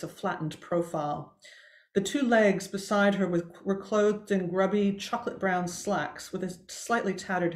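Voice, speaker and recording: A woman author reading a tense scene from her own novel aloud, measured and expressive, with occasional small slips. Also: on the low side, roomy sound.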